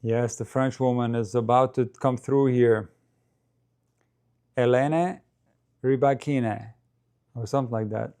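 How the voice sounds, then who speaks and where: A man's voice: medium pitch, level tone, moderate pace, few pauses, dark tone, clear, resonant tone. A man giving casual live commentary on a match, thinking aloud and talking to his viewers.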